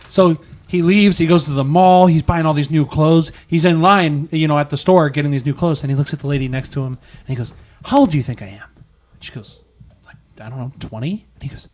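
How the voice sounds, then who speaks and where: A man with a slightly high voice tells a joke in an animated, storytelling way. He jumps his pitch up when he acts out the characters' lines. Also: a little fast. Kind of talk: casual chat, telling a dirty joke.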